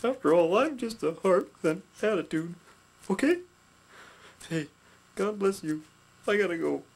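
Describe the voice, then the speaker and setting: A man voicing a gentle little heart puppet with an attitude, soft-spoken and sweet while teaching about puppet characters. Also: high-pitched, expressive, normal speed. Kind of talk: puppet instruction skit.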